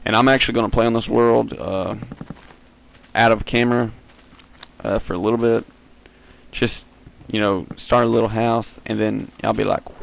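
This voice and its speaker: Gamer dude rambling through his let's play, jokey and giggly, bit of a gravelly fry, mid pitched. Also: flat delivery, unhurried, pauses often. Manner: rambling, jokey, giggly, sudden high squeals. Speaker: gaming video host. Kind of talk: casual let's-play commentary.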